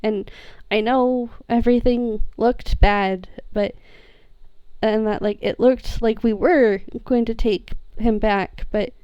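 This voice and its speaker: A woman playing a troubled young person in a tabletop role-play, speaking haltingly with many restarts. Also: a little high, steady tone, clear, resonant tone, no echo. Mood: hurt. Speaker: player. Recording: muffled lo-fi mic.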